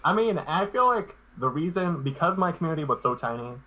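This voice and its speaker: A man's voice: on the high side, big pitch swings, brisk, bright, forceful tone, rough recording. A man being interviewed as a guest on a live stream, talking in a laid-back, hesitant way and often restarting his sentences.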